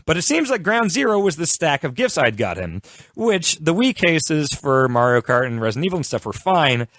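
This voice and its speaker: A young man co-hosting a podcast, telling a story in a casual, animated way, laughing often. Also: fairly high pitch, dry recording. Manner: animated, laughing, quick shifts into quoted voices. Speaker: podcast co-host.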